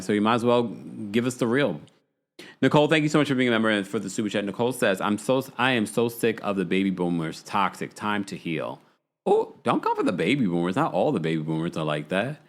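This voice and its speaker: Chatty, animated male livestream host. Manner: chatty and animated, laughs often, swings his pitch up for emphasis. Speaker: host reading live chat. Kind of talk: casual livestream recap of a reality show.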